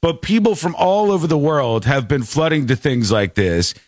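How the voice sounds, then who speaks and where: Animated American man riffing on clips. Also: on the high side, normal speed, dry recording, studio quality. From United States. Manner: animated, mock-quotes people in put-on voices. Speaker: show host. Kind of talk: casual commentary on news clips.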